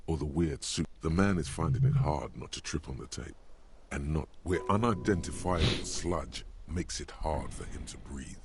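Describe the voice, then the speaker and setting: Extremely deep gravelly game narrator. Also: male voice, moderate pace, a little hiss or hum. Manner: wry, sardonic. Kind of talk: scripted narration.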